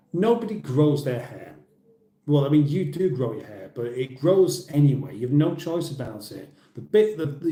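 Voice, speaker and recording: A man's voice: medium pitch, warm tone, roomy sound. A middle-aged British man hosting a casual livestream, reading out viewer comments in a chatty, rambling way and laughing at his own jokes. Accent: British English. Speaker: livestream host.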